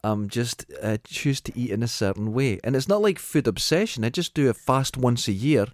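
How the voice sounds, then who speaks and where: A man's voice: mid-range voice, animated, moderate pace, a little mellow, no room sound, studio quality. A Scottish man of about fifty, co-hosting a casual podcast chat, easygoing and laughing often. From Scotland. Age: 40s. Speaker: podcast co-host.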